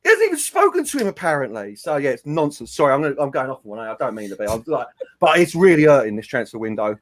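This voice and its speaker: A man's voice: mid-range voice, quick pace. A man ranting heatedly on a fan podcast panel. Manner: animated, ranting, slips into mimicking quotes.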